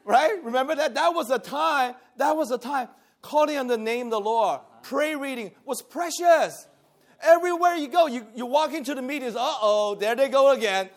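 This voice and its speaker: Man, high-pitched, animated church teacher, chats with the class. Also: normal speed. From Taiwan. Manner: animated, talks with the class, laughs often. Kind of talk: lively church lesson.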